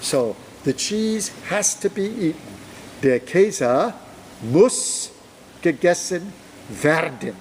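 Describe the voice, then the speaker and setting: Slow, lively-voiced man teaching grammar. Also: on the high side, slight background noise, low-quality recording. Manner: slow and deliberate, voice rising when stressing points. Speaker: German teacher. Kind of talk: explaining grammar to camera.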